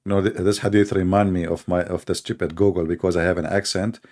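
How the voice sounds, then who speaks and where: A man's voice: low voice, level tone, quick pace, darkish tone. A man hosting a mocking commentary show, sarcastic and chuckling at his own jokes. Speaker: show host.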